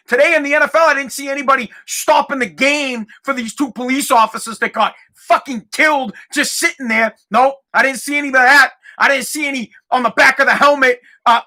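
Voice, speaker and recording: A man hosts his own podcast and rants alone at the mic. His voice is bright and cutting, and he keeps circling back over the same points. He swears often and rises into shouts when his outrage boils over. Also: very high voice. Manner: heated, profane, repeats himself, shouts at times. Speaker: podcast host. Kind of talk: angry solo rant.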